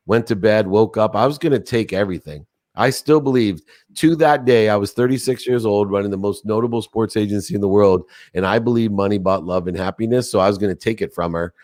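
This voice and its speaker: A man in his forties with a very low voice tells a personal story with intensity. He builds up and falls back with the emotion and chokes up at moments. The sound is close and dry. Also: brisk, hardly any pauses, darkish tone, dry recording. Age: 40s. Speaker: podcast guest.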